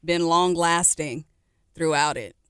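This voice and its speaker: Woman, singer guest, fairly low voice, dry close studio sound, animated and encouraging. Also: slow, clean tone, no echo. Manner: animated, encouraging, with frequent fillers. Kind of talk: casual radio interview. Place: radio studio.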